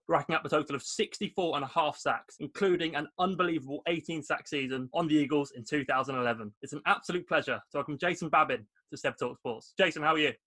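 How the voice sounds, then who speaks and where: A man hosts a sports podcast, talking quickly with a slightly raised pitch. He reads scripted intros and long, stat-packed questions in an upbeat tone. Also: fairly bright tone. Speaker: podcast host.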